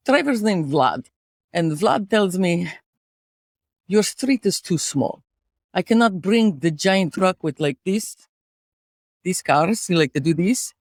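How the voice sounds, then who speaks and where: A woman's voice: on the low side, no echo, clean studio sound. A woman putting on a gloomy Russian accent. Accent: put-on Russian. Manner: deadpan, dropped articles, heavy fatalism.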